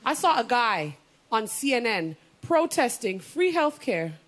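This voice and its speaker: A woman's voice: on the high side, big pitch swings, unhurried. A woman doing a stand-up comedy set, bawdy and punchy, breaking into exaggerated impressions. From North America. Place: comedy stage before a live audience. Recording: loud studio audience laughter and noise.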